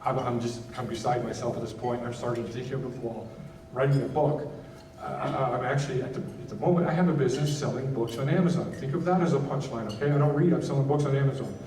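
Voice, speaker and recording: A man giving a candid personal testimony as a keynote speaker at a gala, halting often and restarting his sentences. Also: medium pitch, echoey room, distant mic, noisy background. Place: gala event hall.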